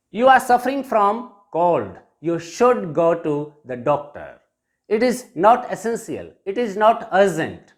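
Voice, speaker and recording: A teacher with an Indian English accent giving a recorded grammar lesson, repeating each point and switching between Hindi and English. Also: mid-range voice.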